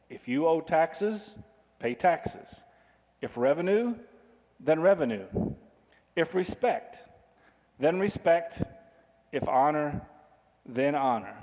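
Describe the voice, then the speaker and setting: A pastor with a fairly high, darkish-toned voice preaches in a conversational style, often asking his audience questions. The hall adds a long reverb.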